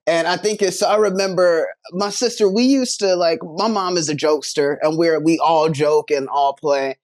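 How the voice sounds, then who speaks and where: A man's voice: a little high, normal speed. Laughing young man guest. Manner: laughs often, earnest. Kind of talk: casual chat.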